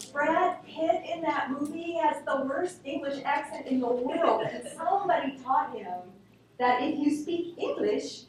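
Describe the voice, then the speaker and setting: Echoey lecture from a high-voiced woman. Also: slight background noise. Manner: lively, informal, asks the class questions. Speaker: linguistics teacher. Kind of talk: classroom lecture. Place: classroom. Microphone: room recording from a distance. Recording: very echoey classroom, distant mic.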